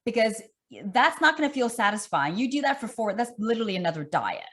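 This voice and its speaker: A woman's voice: fairly high pitch, quick pace. Emphatic woman fitness coach. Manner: animated, repetitive, emphatic coaching talk. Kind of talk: online summit interview.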